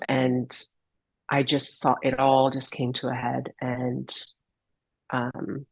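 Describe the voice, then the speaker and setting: A holistic healer appears as a podcast guest, telling a heartfelt personal story earnestly and reflectively, sometimes searching for words. Her voice is extremely low, creaky, and breathy-edged, recorded with no echo and the highs cut off.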